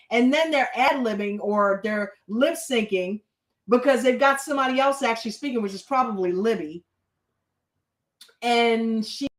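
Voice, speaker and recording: Recapping reality TV in a loose, talkative way, this reaction show host speaks in a slightly high voice, cursing without restraint and saying things straight. The audio is rough, with an echoey room sound.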